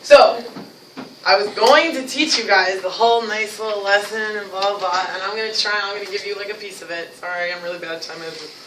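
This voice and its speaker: A woman presenting a lively teacher workshop, playful and animated, breaking into demonstrations in a large room. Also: medium pitch, quick pace, far from the mic, slight background noise. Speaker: special education director leading a teacher workshop. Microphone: distant from the recording mic. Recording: echoey room recorded from afar.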